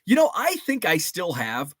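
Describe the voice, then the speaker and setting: A man's voice: sits high, wildly swooping pitch, normal speed, no room sound, studio quality. A man around forty hosting a casual livestream, rambling through memories, greeting chat viewers by name and swearing mildly. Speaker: host.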